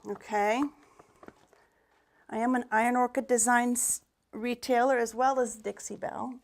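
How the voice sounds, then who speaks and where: A woman's voice: on the high side, level tone, a little slow. A woman giving a live craft demonstration as a paint retailer, talking in a chatty, rambling way with restarts and muttered asides, a bit out of breath.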